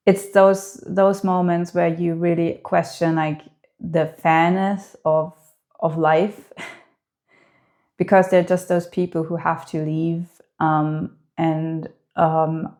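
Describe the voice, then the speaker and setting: A woman giving a spoken tarot reading in a gentle, heartfelt way, hesitant and full of filler words. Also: fairly low pitch, fairly even intonation, slow, long pauses. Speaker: tarot reader.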